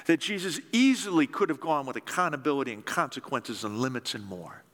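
Guy preaching a sermon, chatty storyteller, pitch all over the place, echoey big hall. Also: fairly quick. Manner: animated, conversational storytelling. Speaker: pastor.

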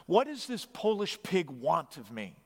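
A man's voice: on the high side, wildly swooping pitch, a little slow, heavily acted. A man voicing a brutal male Nazi camp commandant who barks and screams orders. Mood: furious, barking. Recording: long hall reverb.

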